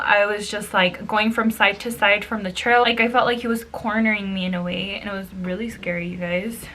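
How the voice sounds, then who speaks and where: A woman's voice: mid-range voice, bright, forceful tone, slight background noise. A young woman telling a story in a casual, chatty way while doing her makeup, swearing freely and slipping in Spanish phrases. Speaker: beauty vlogger.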